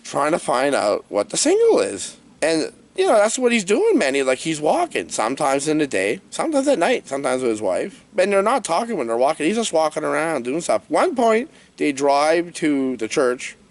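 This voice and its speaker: Guy ranting about a bad movie, jokey and rambling, voice leaping all over, bit higher pitched. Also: wildly swooping pitch, normal speed, few pauses. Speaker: movie reviewer. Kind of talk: comedic movie review rant.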